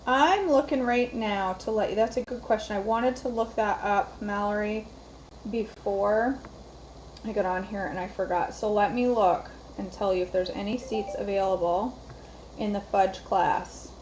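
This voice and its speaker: A woman's voice: medium pitch, normal speed, darkish tone, a little hiss or hum, rough recording. A woman hosting a live cooking stream, chatty and rambling, greeting viewers by name from her home kitchen. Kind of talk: casual live-stream chat.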